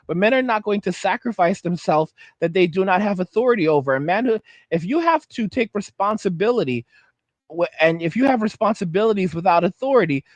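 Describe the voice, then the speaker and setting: On his own commentary channel, a man with a high-pitched voice delivers a heated, blunt rant. He often stumbles over words and restarts sentences, and the recording is dry and close with no room echo.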